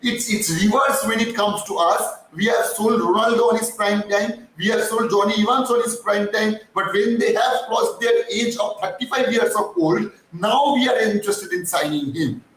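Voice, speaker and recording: A man rants through a live-stream fan commentary in a fairly high voice, swearing and then apologizing for his heat. He sounds set back from the mic in a very echoey space with a faint hiss underneath. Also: moderate pace, hardly any pauses, a bit bright, recorded from a distance. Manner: heated, ranting, swears, apologizes for getting hyper. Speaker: fan channel host.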